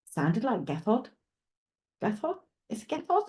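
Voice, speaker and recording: A woman runs a live psychic reading, talking straight to her unseen viewers as she goes. Her voice is mellow and unhurried at its core. She pauses, restarts and thinks out loud as she works things out. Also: fairly high pitch, very animated. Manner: chatty, thinks aloud, addresses viewers directly; hesitant, with frequent restarts while working things out. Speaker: psychic medium. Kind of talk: live streamed mediumship reading.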